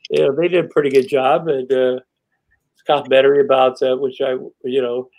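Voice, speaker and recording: A man's voice: mid-range voice, brisk. A middle-aged man telling stories as a podcast guest, rambling and profane, acting out what people said. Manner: rambling, profane, animated retelling with quoted voices. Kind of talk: casual storytelling interview.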